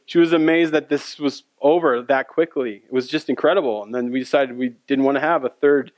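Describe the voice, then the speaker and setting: A man's voice: medium pitch, steady tone, brisk, no room sound. A man preaching a sermon as pastor, telling a personal story in a conversational way with asides to the congregation.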